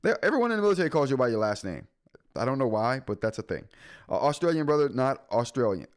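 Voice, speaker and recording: A man's voice: mid-range voice, very animated, fast. A man hosting a live tech show, chatting casually with his viewers, joking and laughing often. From United States. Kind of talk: casual live-stream chat.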